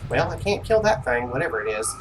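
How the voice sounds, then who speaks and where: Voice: mid-range voice, big pitch swings. Gamer grumbling along while playing live, voice swings up and down a lot, bit of faint noise behind. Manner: grumbling, talks to self, quick reactions. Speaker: streamer playing an online role-playing game. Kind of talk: live gameplay commentary.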